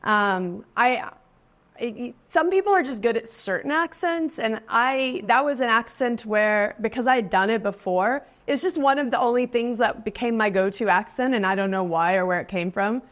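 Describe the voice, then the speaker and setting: A woman's voice: a little high, moderate pace, fairly bright tone. A woman in her forties, a guest actress in a casual interview, who talks in a chatty way, laughs often and lifts her voice when quoting people. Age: 40s.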